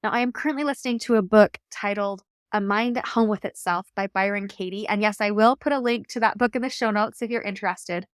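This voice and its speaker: A woman podcast host and coach giving calm, earnest, reflective advice in a solo talk. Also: medium pitch, a little fast, hardly any pauses, clean tone, no room sound, clean studio sound. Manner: calm, earnest, coaching tone with occasional light laughs.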